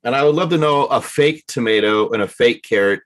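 A man's voice: medium pitch, a little fast, fairly bright tone. A man co-hosting a casual chat, chummy and encouraging, egging his partner on. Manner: chummy, encouraging, laughs along. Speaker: podcast co-host, coach.

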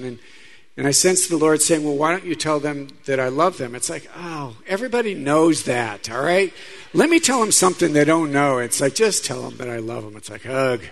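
A man's voice: fairly high pitch, a bit bright. A man, a Catholic priest, preaching a sermon in a conversational style, telling stories and speaking asides to the audience.

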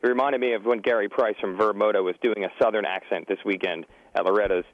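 A man's voice: fairly low pitch, steady tone, quick pace, dry recording. Guest guy on a dull lo-fi line, dry, just chatting openly. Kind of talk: casual chat.

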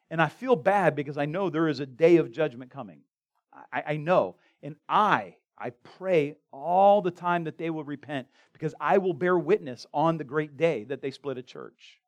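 High-voiced man preaching casually. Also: animated, moderate pace. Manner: conversational preaching, stammering restarts, jokes with the congregation. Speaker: pastor. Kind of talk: sermon. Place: church sanctuary.

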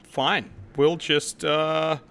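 A man with a bright, forceful voice co-hosts a podcast. He trades sarcastic jokes in easygoing banter. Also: fairly high pitch, level tone, extremely slow. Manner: sarcastic, joking. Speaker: podcast co-host. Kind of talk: casual banter.

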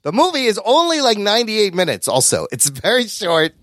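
Brief: male podcast host, high and lively voice, swears casually, dry close mic. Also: fairly quick, no echo. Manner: animated, swearing, jumps between topics.

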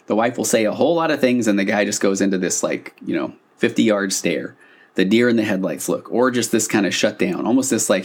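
A man's voice: on the low side, quick pace. A man who works as a couples therapist, explaining a therapy concept to listeners in a loose conversational way, with fillers and restarts.

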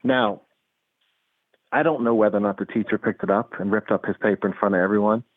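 A psychologist appearing as an interview guest speaks in a lowish, steady voice at a brisk clip. He explains earnestly through stories, often repeating words as he builds his point. The line sounds tinny and phone-like, dry with no room sound.

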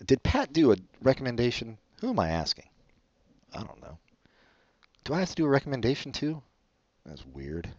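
A man's voice: medium pitch, wildly swooping pitch, normal speed, long pauses, a little mellow, dry recording, muffled recording. A man hosting a podcast on his own, rambling casually in a self-deprecating way and often trailing off. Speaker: podcast co-host. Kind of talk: rambling solo podcast chat.

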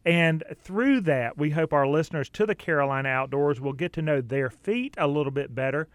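Chatty radio host, slightly high. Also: male voice, fairly quick, no room sound. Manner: chatty, laughs easily, some fillers. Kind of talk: casual radio talk show.

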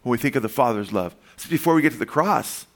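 A man preaching a sermon as a pastor, earnest, moving between soft, slow passages and sudden emphatic lifts. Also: medium pitch, expressive.

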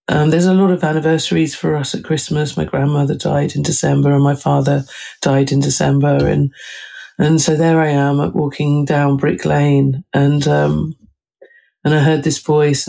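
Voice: medium pitch, gravelly, a little mellow. An author talks through their writing in a thoughtful interview, with frequent fillers and restarts. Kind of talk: conversational interview talk.

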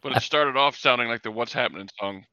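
A man's voice: medium pitch, fast, bright, forceful tone, no echo, dull audio. A man co-hosting a casual podcast chat, rambling and full of "like" and "you know". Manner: rambling, heavy use of "like". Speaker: podcast co-host.

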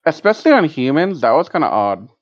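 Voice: medium pitch, big pitch swings, quick pace. A podcast co-host giving short reactive replies and dry remarks in casual chat. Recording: dry, dull lo-fi audio.

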